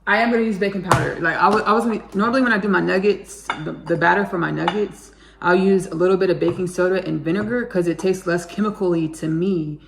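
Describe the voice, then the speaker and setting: Casual home-cooking host: woman, gravelly fry, chatty and rambling, recorded on a counter camera in an echoey kitchen. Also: fairly low pitch, quick pace, far from the mic, background noise. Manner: chatty and rambling, often says "y'all" to viewers. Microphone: camera set up on the counter. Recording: echoey kitchen, faint clicks.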